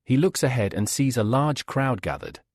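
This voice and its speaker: Brief: male recap narrator, husky, dry close sound, very lively pitch. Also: normal speed, no room sound. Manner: steady storytelling, reads all quotes. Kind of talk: scripted narration.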